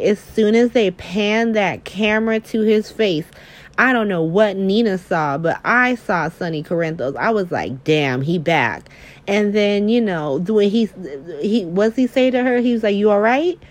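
A young woman in casual chat, recapping soap opera episodes in a chatty, animated way, full of fillers and swearing. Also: mid-range voice, normal speed. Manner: chatty, filler-heavy, profane, animated retelling.

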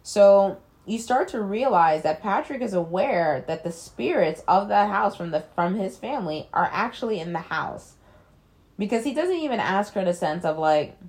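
A woman's voice: mid-range voice, animated, normal speed, a little mellow. Chatty woman recapping a film. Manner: chatty, loose, lots of "like" fillers, blunt swearing. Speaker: film reviewer.

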